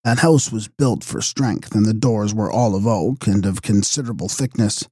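A man narrating a gothic novel as an audiobook with a steady, measured reading. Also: lowish voice, slightly rough, no room sound, studio quality.

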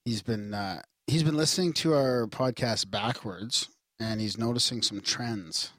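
A man's voice: mid-range voice, unhurried, fairly bright tone, no room sound. A man with a mid-range voice co-hosts a podcast in easygoing chat. He rambles through stories and announcements, often restarting mid-thought. He is recorded close and dry. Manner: laid-back, rambling. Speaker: podcast co-host. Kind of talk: casual chat.

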